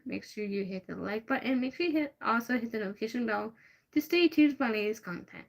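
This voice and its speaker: A young woman chats on her livestream in a slightly high voice. She rambles loosely, piling up fillers and restarting her sentences as she works through viewer questions. The tone is casual and unscripted. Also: quick pace. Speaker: livestream host.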